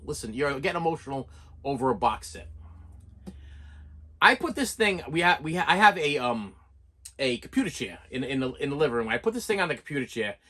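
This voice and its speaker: A man with a somewhat high, lively voice shows off a prized collection on camera. He rambles, repeats words and grows heartfelt as he talks. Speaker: collector vlogger. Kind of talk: casual collection show-and-tell.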